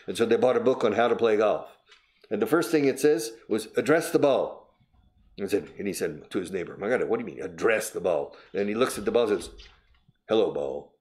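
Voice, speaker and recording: An older man gives a relaxed, chatty English lesson. His voice sits a little low, and he slips into Spanish to explain words. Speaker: English teacher and host. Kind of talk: casual spoken English lesson.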